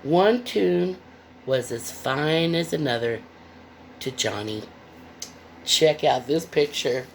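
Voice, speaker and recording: A woman's voice: sits low, takes it slowly, gravelly, pauses often, slight background noise. A woman reading a picture book aloud with playful, chatty asides to young listeners. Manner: playful, expressive.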